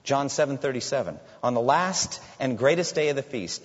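A man preaching a sermon, swinging from loud proclaiming to hushed asides. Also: mid-range voice, big pitch swings, moderate pace, few pauses, slightly rough. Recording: dull audio with long hall reverb.

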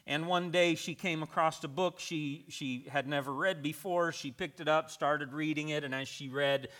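A man delivers a sermon in an easygoing, folksy way, weaving a story into his teaching. His voice sits a little high and sounds bright and clear. He talks like he's chatting with his congregation. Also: steady tone, moderate pace. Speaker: preacher.

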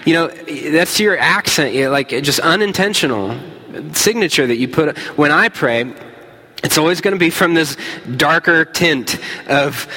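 A man's voice: fairly high pitch, expressive, normal speed, bright, forceful tone. A man preaching a sermon as pastor, earnest and conversational. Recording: hall reverb.

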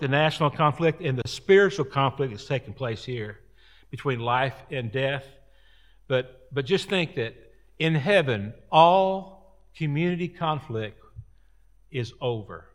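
A man's voice: on the high side, a bit bright. A man preaching a sermon as pastor, folksy and rambling, with repeated words and chatty asides.

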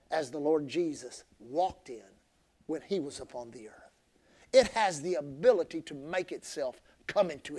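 A man preaches as a pastor with real passion, circling back to his key phrases. He shifts between shouted emphasis and soft, low asides.

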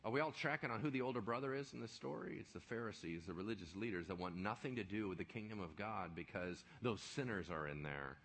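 A man preaching a sermon who explains scripture with animated rhetorical questions. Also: lowish voice, quick pace, few pauses.

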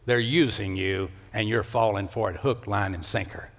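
A man preaching a sermon in a church, swinging between loud rising calls and low hushed lines. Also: normal speed. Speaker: pastor. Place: church sanctuary. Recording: long hall reverb.

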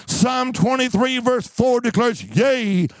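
Man preaching real slow and emphatic, calls for amens, voice way up high, dry sound. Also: animated, dry recording. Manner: breaks into snatches of song. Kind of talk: sermon.

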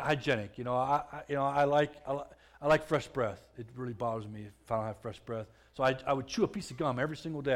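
Man telling his story, fairly high voice. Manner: conversational, repeats and restarts words, swells louder when excited. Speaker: speaker giving a testimony. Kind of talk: personal testimony storytelling.

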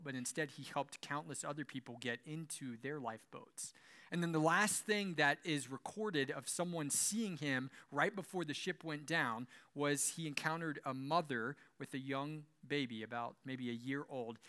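A young man preaching a sermon as a pastor, telling stories in an animated way, swinging from soft to loud and chuckling now and then. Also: medium pitch. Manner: animated storytelling with big swings in loudness and occasional chuckles.

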